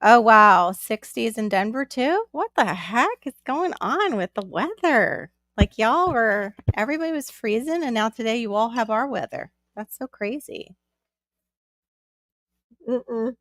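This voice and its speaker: Chatty woman with a gravelly edge. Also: fairly high pitch, animated, unhurried, a bit bright, no echo, clean studio sound. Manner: chatty, rambling, greets viewers by name. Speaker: live-stream host. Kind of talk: casual live-stream chat. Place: at home with her young son nearby.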